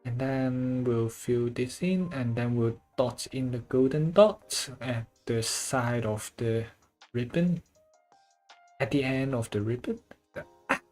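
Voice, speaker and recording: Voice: medium pitch, slow, a little mellow, faint music behind. An artist chatting casually while drawing, rambling loosely with lots of filler words and the odd casual swear.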